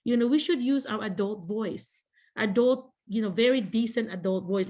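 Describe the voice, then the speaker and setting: A woman's voice: mid-range voice, normal speed, a little mellow. Chatty laughing woman on a video call. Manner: chatty, laughs often, many fillers and restarts. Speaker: teacher-coach hosting a video call. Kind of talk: casual advice over a video call.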